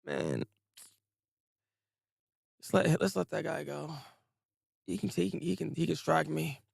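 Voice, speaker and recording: A listless young warrior, as a man puts him on murmurs low and quietly, sounding utterly defeated. The voice is dry and close, with no room around it. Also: wildly swooping pitch, a little slow, gravelly, breathy edge, no room sound, full character voice. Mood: hopeless.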